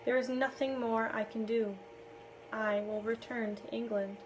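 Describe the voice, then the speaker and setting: A wounded sea captain, grave and commanding, measured in every word, read aloud by a woman. The voice sits a touch high for a man, as a female reader carries him without deepening much. It is a plain storybook reading in a quiet room with only a faint hush behind it. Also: steady tone, background noise, close to an everyday voice. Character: wounded middle-aged male captain, commanding.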